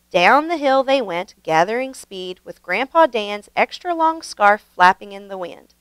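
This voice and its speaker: Lady reading a kids book aloud, slow careful pace, smooth clear voice. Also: mid-range voice, animated, a bit bright, dry recording, rough recording. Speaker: storybook reader, channel host.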